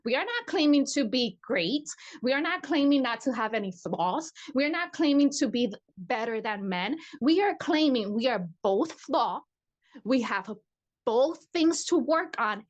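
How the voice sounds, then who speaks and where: Female podcast co-host, high-pitched, persistent and pointed. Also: lively intonation, a little slow, highs cut off. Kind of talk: casual podcast discussion.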